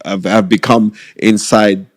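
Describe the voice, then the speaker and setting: Middle-aged guy telling stories, lowish voice, gets emphatic and repeats himself, dry close sound. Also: unhurried, no echo. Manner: animated, emphatic, repeats phrases for stress. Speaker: guest, boxing pundit and former TV host. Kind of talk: casual interview storytelling.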